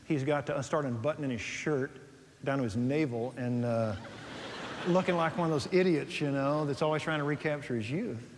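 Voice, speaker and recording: A man preaching a sermon, animated, swinging between soft and loud as he tells stories. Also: mid-range voice, moderate pace, a little hiss or hum. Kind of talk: sermon on dating and marriage. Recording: long hall reverb.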